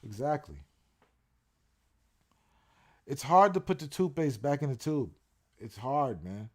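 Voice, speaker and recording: A man's voice: mid-range voice, very animated, slow pace, a little mellow. A man streaming and ranting casually, profane and repetitive as he reacts. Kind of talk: casual ranting livestream commentary.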